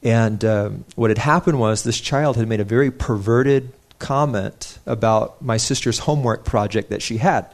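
A man's voice: mid-range voice, normal speed, few pauses. Young male preacher, earnest and conversational, mid-range voice, sermon delivery. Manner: earnest, conversational, with frequent restarts and personal stories.

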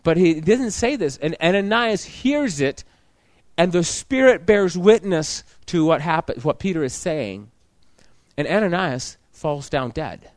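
A man's voice: a little high, lively intonation, a little slow, a little mellow, no room sound, studio quality. A man preaching a sermon, reading scripture aloud and then explaining it plainly, with frequent restarts.

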